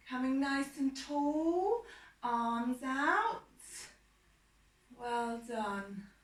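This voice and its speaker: Bright-voiced woman guiding kids' yoga. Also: high voice, far from the mic. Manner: soft, encouraging step-by-step instructions. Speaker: children's yoga teacher. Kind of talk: guided kids' yoga class. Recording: echoey room, voice from off-mic.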